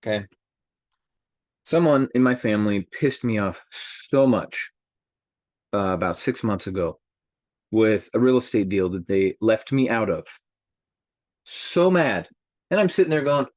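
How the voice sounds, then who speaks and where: A man hosting a group call, talking in an animated way and speaking straight to his listeners. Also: medium pitch, moderate pace, long pauses, no echo, clean studio sound. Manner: animated, addresses listeners directly. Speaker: host. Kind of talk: motivational group call talk.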